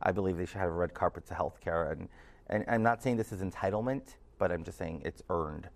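A man's voice: sits low, fairly quick, gravelly. A man hosting a casual political chat, laughing often and repeating words as he goes. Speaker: podcast host and political candidate.

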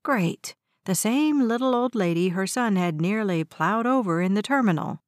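A woman narrates an audiobook, telling the story in a steady, even way. Her pitch is medium and her pace moderate, with studio-quality sound and no echo.

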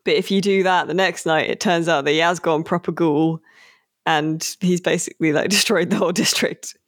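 Casual podcaster, rambling, filler-heavy, mid pitch, dry close sound. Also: steady tone, no echo. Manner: rambling, many fillers and restarts, slows on key words. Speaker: podcast co-host. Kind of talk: casual chat about a game.

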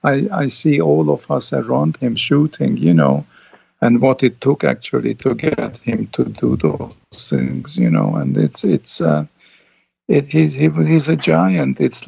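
An older man, a film director, reminiscing as an interview guest, halting, with many restarts. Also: mid-range voice, gravelly, warm tone, husky, no room sound. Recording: dull lo-fi sound.

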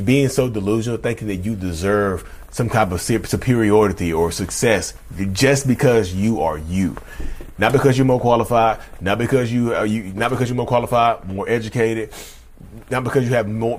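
A man in his thirties with a baritone voice, hosting a podcast in a casual, rambling monologue that often restarts and calls listeners y'all. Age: 30s. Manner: rambling, repeats himself, addresses listeners as y'all. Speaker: podcast host.

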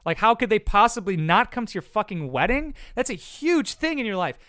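Blunt, foul-mouthed man with a bright voice. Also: sits high, smooth, no echo. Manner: blunt, profane, rambling. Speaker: content creator answering viewer questions. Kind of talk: casual advice chat.

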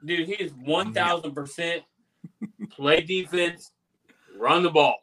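A man's voice: a little high, slow pace, bright, forceful tone, rough recording. A man co-hosting a casual sports podcast, emphatic and jokey. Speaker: podcast co-host.

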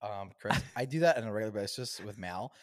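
A man's voice: on the low side, lively intonation. A young man co-hosting a podcast, rambling and joking crudely in casual banter. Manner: fast, rambling, jokey, loud outbursts when acting out scenes. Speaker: podcast co-host.

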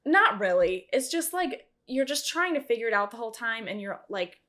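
A young woman co-hosting a casual chat, talking fast and loose with lots of "like" and lively rises in her voice. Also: on the high side. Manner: chatty, heavy use of "like", animated rises. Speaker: podcast co-host.

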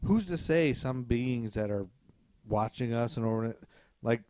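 A man's voice: mid-range voice, expressive, unhurried, a little mellow. A man co-hosting a podcast, chatting casually and animatedly, swearing freely and trailing off with fillers. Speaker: podcast co-host. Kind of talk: casual chat.

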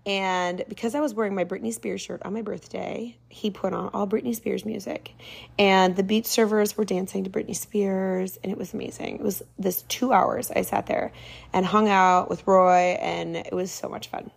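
Gravelly-voiced woman in her forties. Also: mid-range voice, moderate pace. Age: 40s. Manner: animated, exasperated, acts out quoted lines. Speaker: vlogger. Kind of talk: casual storytelling.

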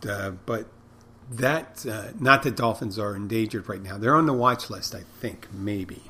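A man's voice: lowish voice, unhurried, pushed and bright, a little hiss or hum. A middle-aged man hosting a podcast in a casual, unscripted monologue. He rambles and jokes dryly, chuckling at his own stories. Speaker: podcast host and restaurant owner.

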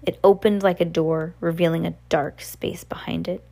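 Woman reader for a read-aloud novel: low, gravelly voice, drops in offhand remarks. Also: fairly even intonation, normal speed, dark tone. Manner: casual asides breaking into the reading.

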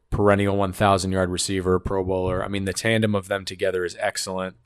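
A man giving casual, opinionated sports talk, riffing quickly with joking asides. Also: sits low, dry recording, clean studio sound. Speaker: sports commentator.

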